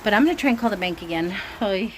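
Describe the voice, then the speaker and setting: A woman's voice: medium pitch, lively intonation, quick pace, low-quality recording. A woman vlogging casually to her phone camera about a scam call she just got, chatty and anxious as she sets up a cookout by her grill. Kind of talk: casual vlog talking to camera. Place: outdoors by a grill. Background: wind and outdoor ambience.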